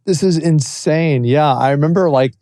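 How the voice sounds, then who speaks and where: A man hosting a podcast in casual chat, easygoing and quick to agree and laugh along. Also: on the high side, mellow, no room sound, clean studio sound. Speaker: podcast host.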